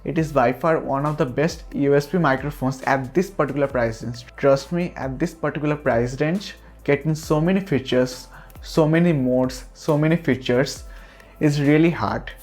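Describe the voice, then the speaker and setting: A man's voice: on the high side, moderate pace, a little mellow, faint music behind. A man giving a product review of a microphone, talking earnestly and reassuring the listener again and again, recorded on a USB desk mic. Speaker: tech reviewer.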